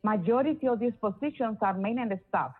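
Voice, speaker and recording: A woman giving an earnest, slightly halting public comment over the phone. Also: on the high side, animated. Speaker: public caller. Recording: phone line.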